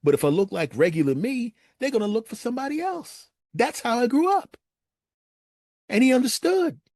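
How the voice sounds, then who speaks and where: A man hosting his own show, telling funny stories from his life in an animated way and acting out his friends' voices. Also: fairly quick, dry recording, clean studio sound. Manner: animated, acts out friends' voices with big pitch jumps. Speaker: podcast host. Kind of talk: humorous storytelling monologue.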